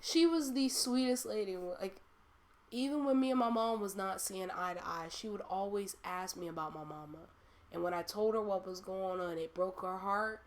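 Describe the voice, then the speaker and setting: A woman's voice: mid-range voice, fairly even intonation, moderate pace. A young woman hosting a personal monologue, heartfelt and rambling with many fillers. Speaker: host.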